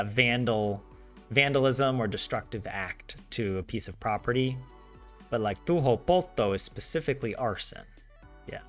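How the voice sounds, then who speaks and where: A man with a Southern American accent, chatting casually and rambling with lots of fillers as he studies a language on his vlog. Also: mid-range voice. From southern United States. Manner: rambling, many "like" fillers, animated asides. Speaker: language learner host. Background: soft game music.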